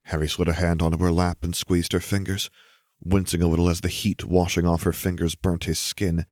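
Low-voiced guy reading a story aloud, steady and measured, dry close sound. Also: dry recording. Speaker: narrator. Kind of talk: audiobook reading of fan fiction.

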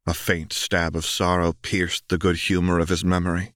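A man narrating an audiobook in a calm, measured way. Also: low voice, no echo, clean studio sound.

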